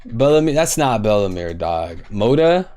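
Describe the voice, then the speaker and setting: A man's voice: on the low side, very animated, moderate pace, mellow. Frustrated young man streaming a quiz. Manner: frustrated, guessing aloud, swearing, addressing chat. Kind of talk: casual live-stream chat.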